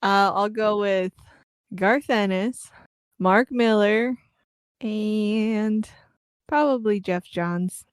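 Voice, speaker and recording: A woman's voice: mid-range voice, very slow, long pauses, clear, resonant tone, no room sound, clean studio sound. A woman co-hosting a podcast, hesitant and wry in casual chat. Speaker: podcast co-host.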